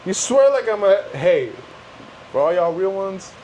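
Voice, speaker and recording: A man in a casual podcast chat, playful and quick to laugh. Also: high voice, slight background noise, rough recording. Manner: playful, laughs often, animated.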